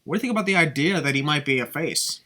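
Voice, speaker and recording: A man's voice: a little high, expressive, racing, bright, forceful tone. A man co-hosting a casual podcast, cracking puns and steering the conversation between topics. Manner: joking, punning, steers the talk. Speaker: podcast co-host.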